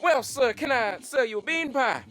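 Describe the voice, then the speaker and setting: A man putting on an overly polite male street seller who pushes his pies in an eager sales pitch. The voice is raised well above his normal talk, with music playing behind. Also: lively intonation, normal speed, bright, forceful tone, full character voice.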